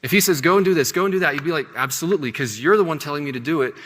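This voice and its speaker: A man's voice: fairly high pitch, expressive, racing, fairly bright tone. A man teaching a Bible lesson in a conversational way, often checking in with his listeners. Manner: conversational, often asks "right?". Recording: long hall reverb.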